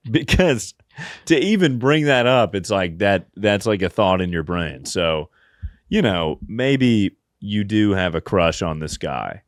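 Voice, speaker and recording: A man's voice: fairly low pitch, animated, slow, dry recording, clean studio sound. A man hosting a podcast, giving crude, joking advice and laughing often. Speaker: podcast host. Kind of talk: casual comedic advice chat.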